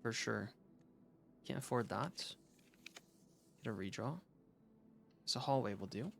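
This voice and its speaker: A man's voice: mid-range voice, animated, measured pace, gravelly, a bit bright, slight background noise. A young man streaming a game live, chatting casually with lots of fillers and restarts.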